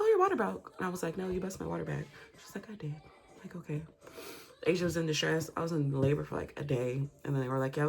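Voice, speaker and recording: Low-voiced candid woman vlogger. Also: darkish tone. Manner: candid and profane, acts out quotes. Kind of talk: casual storytelling to camera.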